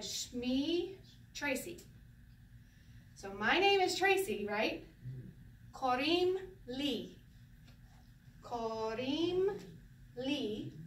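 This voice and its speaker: An older woman teaching a casual Hebrew lesson to a group, chatty and quick to laugh. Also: fairly high pitch, a bit bright, far from the mic, slight background noise. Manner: chatty, laughs often, acts out phrases. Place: room with a group of learners. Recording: echoey room recorded from afar.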